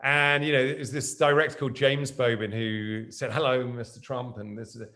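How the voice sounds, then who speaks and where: A middle-aged man speaking as a guest in a relaxed conversation. His pitch sits mid-range for a man, and he tells stories with lively energy. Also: brisk. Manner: lively anecdotal storyteller. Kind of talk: casual conversation.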